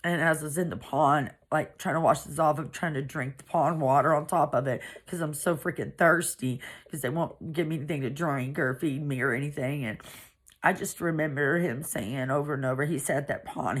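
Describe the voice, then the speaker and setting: A woman from Pennsylvania tells her own story to the camera as a personal testimony. Her voice sits low and a little husky. She speaks in a halting, emotional way, full of restarts and fillers. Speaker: survivor telling her story.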